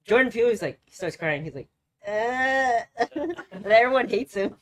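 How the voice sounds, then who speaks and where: Young male podcast co-host, lively up-and-down delivery, swears freely, laughs at himself. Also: high voice, brisk. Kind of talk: casual chat.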